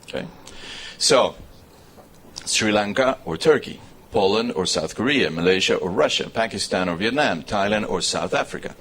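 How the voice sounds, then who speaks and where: A male university lecturer with an Argentine Spanish accent, a native Spanish speaker, giving a live public lecture in English with animated storytelling and frequent restarts. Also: lowish voice, moderate pace, a little hiss or hum.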